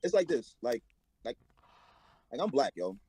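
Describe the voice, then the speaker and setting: A man's voice: medium pitch, sing-song, measured pace, mellow, breathy edge, no echo, low-quality recording. A man being interviewed as a rapper, laid-back and casual, often repeating words.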